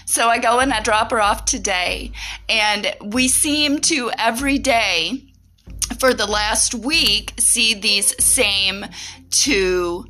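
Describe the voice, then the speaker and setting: A woman's voice: on the high side, takes it slowly, pushed and bright, soft background music. A middle-aged woman hosting a podcast, telling a story casually, laughing often and swearing freely. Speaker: podcast host.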